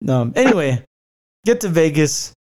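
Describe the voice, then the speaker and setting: A man with a somewhat high voice tells a long travel story in a loose, rambling way. He swears freely and fills his talk with "uh" and "like." He restarts his sentences often and laughs easily. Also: very animated, unhurried, darkish tone. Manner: rambling, profane, many fillers and restarts. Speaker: traveler recounting a work trip. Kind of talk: casual storytelling chat.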